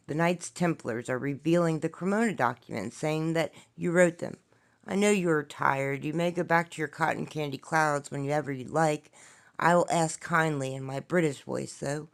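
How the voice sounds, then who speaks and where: A woman hosts a spiritual podcast, working through a string of questions in a loose, searching way and second-guessing herself as she goes. Her voice carries a very strong, steady gravel of vocal fry. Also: low-pitched. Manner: wandering, questioning, unsure of herself. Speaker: podcast host. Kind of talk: spiritual channeling talk.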